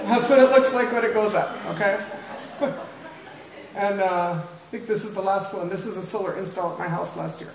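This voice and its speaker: A woman's voice: mid-range voice, fairly bright tone, a little hiss or hum. Older woman giving a chatty talk, distant and roomy. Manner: chatty, with frequent asides to the audience and tag questions. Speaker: invited speaker. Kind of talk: informal public talk with slides. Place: lecture room. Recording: roomy, distant mic, faint ambience.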